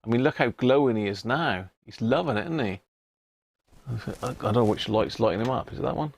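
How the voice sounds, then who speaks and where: Guy on a live stream, gravelly voice, chatting to viewers, trips over odd words. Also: mid-range voice, lively intonation, brisk, dry recording. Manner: chatty, answers viewer comments by name; stumbles over unfamiliar words. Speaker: livestream host. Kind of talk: casual live chat.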